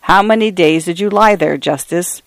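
A fretful, excitable middle-aged family man, put on by a male audiobook narrator who fusses and exclaims in a raised, lifted voice. His sighs drag out slowly. The storybook reading is dry and close. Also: high voice, no room sound. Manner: exclaiming, fussing, drawn-out sighs.

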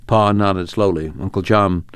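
A man narrates an audiobook in a low, plain, unhurried voice. The sound is dry and close, with no room around it. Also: fairly even intonation, clear, resonant tone, dry recording.

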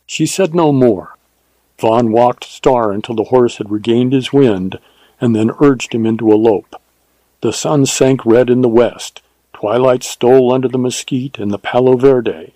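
Warm-voiced man narrating an audiobook. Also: medium pitch, measured pace, dry recording, low-quality recording.

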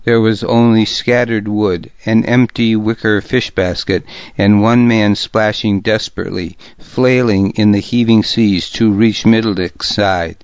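A man narrating a historical novel in the first person, with a deliberate, gravely serious reading. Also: lowish voice, steady tone, dry recording, dull audio. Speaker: audiobook narrator.

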